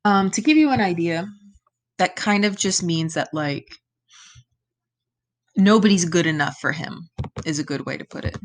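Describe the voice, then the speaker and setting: Young woman teacher, slightly low voice, casual and chatty, talks students through a reading. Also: lively intonation, moderate pace, long pauses. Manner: casual, explains words in plain terms. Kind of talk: reading lesson, thinking aloud over a text.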